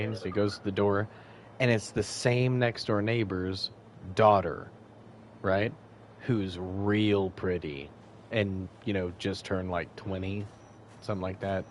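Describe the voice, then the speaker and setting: Brief: man, lowish voice, profane rambling storyteller, faint hiss behind. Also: measured pace. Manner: rambling, profane, loses his thread. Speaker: podcast co-host. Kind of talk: casual storytelling.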